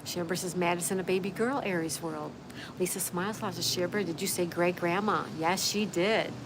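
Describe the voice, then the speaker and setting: A woman with a fairly low voice hosts a relaxed livestream from outside, reading comments aloud and answering each viewer by name. Her tone stays easy and friendly. Clear background noise from the outdoors runs under her voice. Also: normal speed. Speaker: livestream host. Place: outdoors, with a view.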